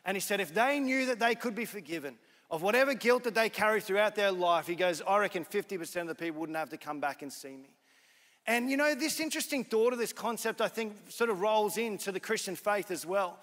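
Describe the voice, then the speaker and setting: A man's voice: high voice, fairly bright tone. A young adult man, preaching a sermon in a church hall, telling stories casually with many fillers and restarts. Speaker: pastor. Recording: long hall reverb.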